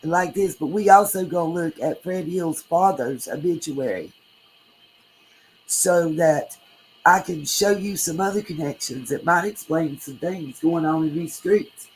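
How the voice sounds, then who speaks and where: A woman's voice: deep voice, measured pace, darkish tone, soft background music, poor audio. Chatty woman livestreaming. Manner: chatty, emotional, thanks viewers by name. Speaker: true crime livestream host. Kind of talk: casual livestream talk, reading chat.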